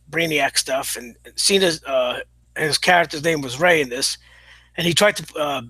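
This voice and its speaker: Male reviewer, slightly high husky voice, halting delivery full of fillers, blunt. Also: sharp tone, no echo, rough recording. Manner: blunt, opinionated. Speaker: show reviewer. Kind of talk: casual spoken review.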